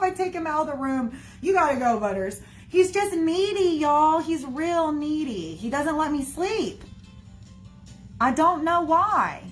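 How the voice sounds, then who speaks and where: A woman with a somewhat high voice chats casually and rambles on to her viewers. She talks loosely, with plenty of "like" and "y'all", and faint music plays behind her. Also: fairly bright tone. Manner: rambling, chatty, heavy on "like" and "y'all". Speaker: livestreamer talking to viewers. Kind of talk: casual chat.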